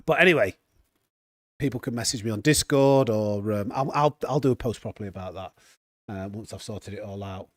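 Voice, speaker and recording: A man's voice: lowish voice, a little fast, no echo, clean studio sound. Chatty man streaming. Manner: chatty, reads chat aloud, frequent restarts and fillers. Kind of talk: casual live-stream chat.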